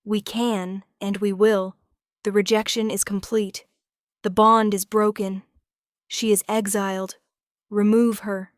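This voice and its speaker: A man's voice: high voice, little pitch movement, slow pace, smooth, no echo, clean studio sound. A woman voicing a cold, ruthless male pack elder who gives clipped commands.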